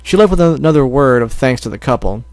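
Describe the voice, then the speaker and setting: A fast-talking man with lively intonation reads fan fiction aloud for an amateur audiobook, stumbling now and then and correcting himself. His voice is medium-pitched with a darkish tone, recorded with no echo.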